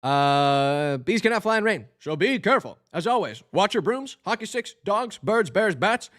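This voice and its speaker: A man voicing a gruff male bee squad leader who gives orders in a loud drill-sergeant manner. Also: high-pitched, animated, moderate pace. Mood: briefing.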